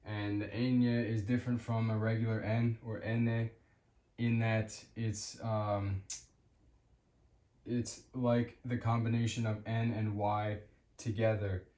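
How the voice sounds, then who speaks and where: Man, language teacher, casual lesson, hesitant fillers, somewhat low voice. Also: little pitch movement, dark tone, roomy sound. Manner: hesitant, many ums, repeats example words slowly.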